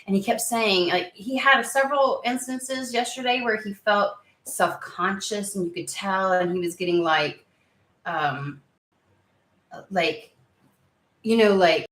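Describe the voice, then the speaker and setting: A woman's voice: medium pitch, a little slow, fairly bright tone, roomy sound. A woman in her thirties chatting casually to camera as a tarot channel host, rambling with lots of fillers and restarts.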